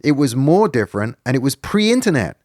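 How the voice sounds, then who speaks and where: A middle-aged man, a documentary director, talking as a guest in a casual podcast conversation, wry and animated, swinging between loud asides and quiet musing. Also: medium pitch, a little fast, no room sound. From Britain.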